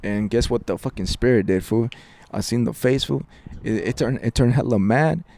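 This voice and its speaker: A man's voice: mid-range voice, moderate pace, vocal fry, a little mellow. A young man casually telling a spooky story on a podcast, slangy and profane, tossing in "fool" every few words. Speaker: podcast co-host.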